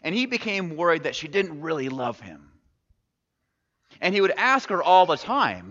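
A man's voice: fairly high pitch, sing-song, moderate pace, bright, forceful tone. A man preaching in a church, telling a story expressively, then reflecting on it. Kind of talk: sermon storytelling. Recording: dull recording with long hall reverb.

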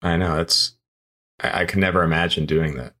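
Low-pitched male co-host, wry and laid-back, movie chat. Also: level tone, normal speed, bright, forceful tone, slight background noise. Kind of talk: casual chat about movies.

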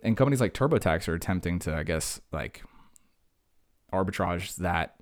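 A young man hosting a solo podcast, ranting fast and sarcastically, jumping from one tangent to the next. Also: low voice, animated, no room sound, studio quality. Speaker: podcast host.

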